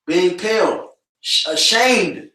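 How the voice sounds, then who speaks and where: A man street-preaching scripture speaks slowly and expressively, his high voice pushed and bright. He keeps a casual style, tagging his lines with "man," and the mic picks him up echoey and from afar.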